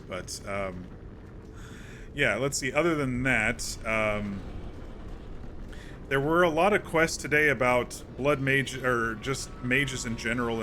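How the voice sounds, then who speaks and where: A man's voice: lowish voice, background noise. A man streaming a video game, giving casual gameplay commentary in a chatty, rambling recap full of self-corrections.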